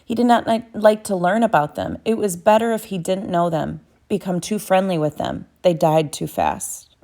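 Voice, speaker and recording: Steady woman reading an audiobook. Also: lowish voice, normal speed. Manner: steady, with small self-corrections. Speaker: audiobook narrator.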